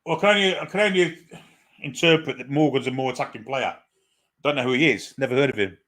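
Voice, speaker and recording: A man's voice: mid-range voice, quick pace, fairly bright tone. A man giving live fan commentary on a football match, irreverent, swearing freely and reading out viewer comments.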